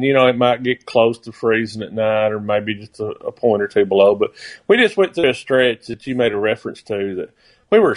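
A man from Arkansas with a Southern accent, a rice farmer talking as a radio guest in an easygoing, plainspoken way. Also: mid-range voice. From Arkansas, USA. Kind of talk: radio interview.

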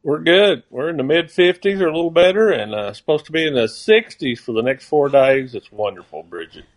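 A man's voice: on the high side, very animated, fairly quick. A man from Arkansas with a Southern accent, a rice farmer talking as a radio guest in an easygoing, plainspoken way. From Arkansas, USA. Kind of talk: radio interview.

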